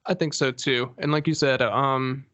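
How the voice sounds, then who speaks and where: A man's voice: medium pitch, steady tone, moderate pace, fairly bright tone, dry recording. Easygoing man on a dry podcast mic. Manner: easygoing, agreeing, hedging with fillers. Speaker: podcast co-host. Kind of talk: casual chat. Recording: dry, slightly dull lo-fi sound.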